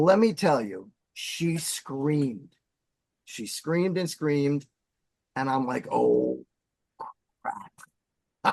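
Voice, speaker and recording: A man telling a story as a podcast guest, animated and dramatic in his delivery. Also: a little high, vocal fry, husky, no echo. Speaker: podcast guest, former bassist. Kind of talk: storytelling in casual chat.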